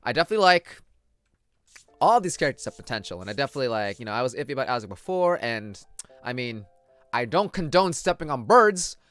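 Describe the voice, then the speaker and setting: A man's voice: mid-range voice, sing-song, fast talker, a bit bright, soft background music. A young man streaming a video game, chatting casually and rambling in a joking way while reading the game's dialogue aloud. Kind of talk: casual live-stream commentary.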